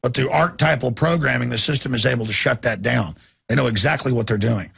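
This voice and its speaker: A middle-aged man with a heavily gravelly, husky voice delivers an impassioned talk-radio rant as host. He talks intensely and keeps slipping into acted-out voices. The sound is close and dry. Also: medium pitch, fast, a bit bright, no echo.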